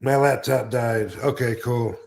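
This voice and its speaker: A man's voice: medium pitch, fairly even intonation, measured pace, a little mellow, a little hiss or hum. A man hosting a podcast in casual chat over a video call, talking loosely with lots of fillers. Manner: loose and rambling, many fillers. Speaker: podcast host.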